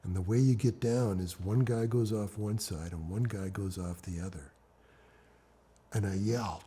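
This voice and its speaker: A man in an interview, telling a climbing story in a lively way that swings between hushed and loud passages. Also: on the low side, a little slow, breathy edge.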